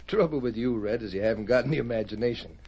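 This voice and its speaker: A man's voice: medium pitch, fast, mellow, slightly rough, dull audio. An actor playing a boastful outlaw in a 1940s radio drama, chuckling at his own work. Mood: smug. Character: smug adult male outlaw.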